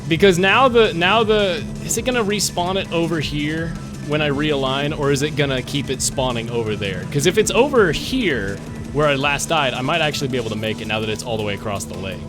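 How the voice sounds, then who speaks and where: With game music behind him, a man streaming live vents his frustration through a swearing, laughing rant. His slightly high voice has lively intonation and moves fairly quickly with few pauses.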